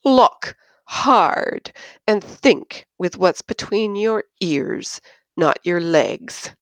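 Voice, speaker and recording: A hard-bitten, drunk female pilot speaks in a slow, scornful, slurring way, as a woman narrator acts her out in an audiobook. Her voice sits low and the sound is dry. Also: smooth, no room sound.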